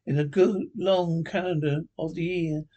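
A man doing a bright, earnest young nephew. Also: a little high, fairly even intonation, unhurried, lo-fi sound, lightly acted. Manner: pleading, warm-hearted.

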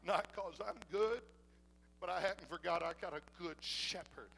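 A high-voiced male pastor with a gravelly edge, preaching a sermon. His tone is bright and forceful, and he swings between ringing declarations and hushed, close talk with the congregation. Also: measured pace, soft background music, low-quality recording. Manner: shifts between loud preaching and soft intimate talk.

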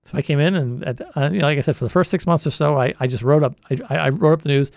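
A man's voice: on the high side, rapid-fire, creaky, a little mellow, no room sound, clean studio sound. A man in his sixties with a Boston accent, recalling his years at a college radio station in a rambling oral history interview. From Boston area. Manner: rambling storyteller, many restarts. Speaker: longtime college radio volunteer.

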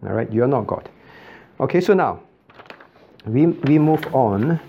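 A man's voice: mid-range voice, animated, measured pace, creaky, a little hiss or hum. A man, a pastor teaching a Bible study who keeps asking the class questions and repeating key points. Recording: dull lo-fi recording.

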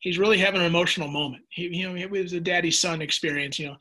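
Middle-aged guy preaching on air, husky and kinda high, gets fired up and stammers. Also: rapid-fire. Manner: passionate, repeats words when excited. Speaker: radio preacher. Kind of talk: sermon with listener texts.

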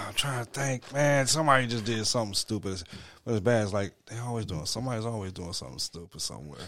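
A man's voice: on the low side, animated, quick pace, a bit bright. A man co-hosting a podcast, chatting casually with crude jokes and frequent fits of laughter. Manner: profane, giggly, easily cracks up. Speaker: podcast co-host. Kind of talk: casual comedic chat.

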